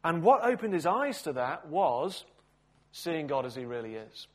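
Male preacher, slightly higher voice, expressive storyteller with dramatic loud and soft swings. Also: normal speed. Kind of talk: sermon.

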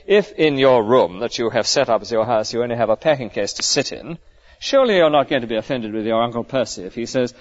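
A man's voice: mid-range voice, lively intonation, quick pace, lo-fi sound. A male clergyman giving an earnest, conversational sermon full of rhetorical questions.

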